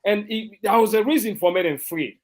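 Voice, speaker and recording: Party commentator: a slightly high-voiced man with a Sierra Leonean Krio accent, emphatic and repetitive. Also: a little fast. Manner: emphatic, repetitive, restarts phrases. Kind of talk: online political talk show discussion.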